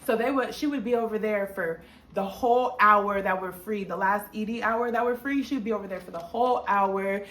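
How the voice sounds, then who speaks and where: Animated woman telling a story, echoey room. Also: moderate pace. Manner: animated, slangy, acts out quotes in a high voice. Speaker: storytime vlogger. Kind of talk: casual storytime narration.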